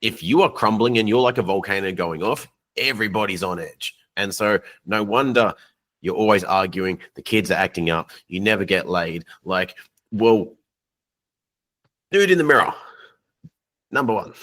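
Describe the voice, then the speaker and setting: A man's voice: fairly low pitch, expressive, normal speed, fairly bright tone. A man co-hosting a podcast as a coach, talking bluntly and casually with some swearing.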